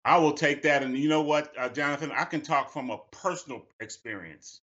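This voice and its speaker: A man's voice: on the high side, brisk, a bit bright. A man speaking as a guest on a video call, earnest and urgent, repeating himself for emphasis. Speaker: guest, head of a national youth organization. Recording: dull video call audio.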